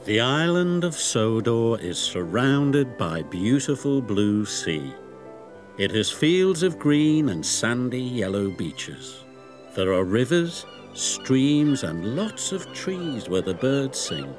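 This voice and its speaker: A man narrating a children's story in a gentle, measured, expressive way. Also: mid-range voice. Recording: loud background music.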